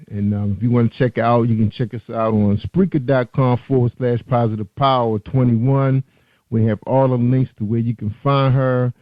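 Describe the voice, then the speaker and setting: A male radio host talks in a loose, chatty way and catches his own slips as he goes. His voice comes through thin and tinny, like a phone line. There is no room echo at all. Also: medium pitch. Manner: loose, chatty delivery with self-corrections. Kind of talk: online radio interview.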